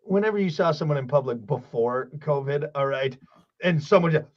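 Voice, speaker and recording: A man with a high voice hosts a morning radio show from a studio mic, bantering in an animated, jokey way. He swings between loud bursts and soft asides. The sound is a bit muffled and dull, like slightly lo-fi radio audio. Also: brisk.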